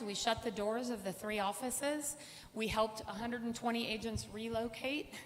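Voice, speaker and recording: A middle-aged woman tells her story from a conference stage, slipping into the voices of the people she quotes. Her voice carries a long hall reverb, with a faint hum of the room behind it. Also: fairly high pitch. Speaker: conference speaker. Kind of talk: personal story talk on stage.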